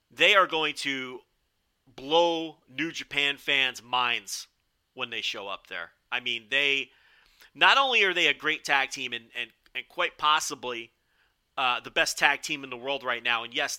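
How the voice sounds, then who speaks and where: A man's voice: on the high side, sharp tone, smooth. A man reviewing a wrestling show in a casual, rambling podcast style, swearing now and then.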